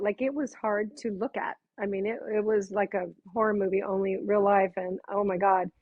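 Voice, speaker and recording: A woman's voice: medium pitch, fairly even intonation, moderate pace, hardly any pauses, dry recording. A woman, a makeup artist, telling a heartfelt personal story in an interview, lifting her voice when she quotes others. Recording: tinny phone-like line, dry.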